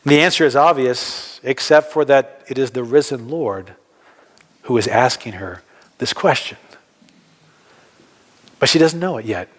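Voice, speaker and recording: In a church hall that gives the recording a long reverb, a pastor preaches in a mid-range voice, a little slowly and with frequent pauses. He talks conversationally, turning to the congregation with questions.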